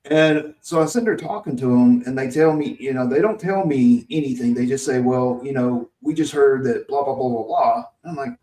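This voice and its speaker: A male podcast host from Mississippi wanders through a long story about his job, restarting frequently and chuckling. His voice is mid-range and mellow, moderately paced with hardly any pauses, recorded far from the mic in a roomy setting.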